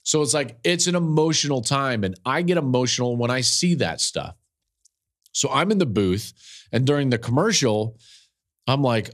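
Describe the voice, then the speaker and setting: A man's voice: mid-range voice, lively intonation, normal speed. A male podcast host telling a personal story in an earnest, openly emotional way. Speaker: podcast host, football analyst.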